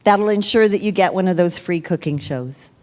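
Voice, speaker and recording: A woman on a video call, showing trainees the upbeat pitch she uses for booking. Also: normal speed, a little mellow. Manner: upbeat, demonstrates scripts. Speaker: sales trainer. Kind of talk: role-played sales pitch.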